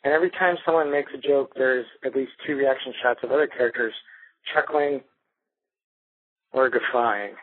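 A man's voice: medium pitch, normal speed, pauses often, dry recording. A man leaving a rambling phone message, correcting himself as he goes. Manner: digressive, self-correcting. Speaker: caller reviewing a movie. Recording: tinny phone line.

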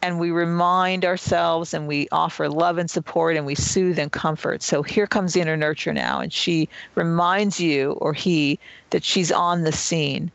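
A man's voice: on the high side, steady tone, unhurried, creaky, a bit bright, no echo, poor audio. A man, the author, answering an interview question and patiently explaining self-help skills one step at a time. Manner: earnest, patient, step-by-step teaching. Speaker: author and guest.

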